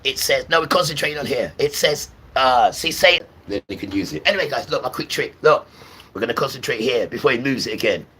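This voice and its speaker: A man's voice: medium pitch, animated, a little fast, sharp tone, distant mic, low-quality recording. A man preaching and ranting to viewers on a livestream, often checking in with "right?".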